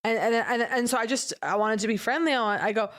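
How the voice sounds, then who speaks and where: A woman co-hosting a casual comedy podcast, telling a story with lively quoted voices. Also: fast. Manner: animated storyteller, acts out quoted voices with big pitch jumps. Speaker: podcast co-host.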